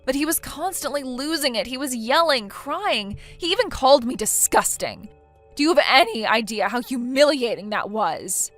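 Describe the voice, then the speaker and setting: A woman voicing a defensive, self-pitying young wife in a text story, in a somewhat high voice. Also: expressive, moderate pace, a bit bright, faint music behind. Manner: whiny, defensive.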